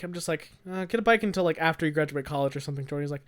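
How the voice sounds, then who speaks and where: A young man co-hosting a podcast, his voice sitting noticeably high. He tells long, rambling stories in casual chat, laughing often and slipping into his friends' voices as he acts out what they said. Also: rapid-fire, clear, resonant tone. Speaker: podcast co-host.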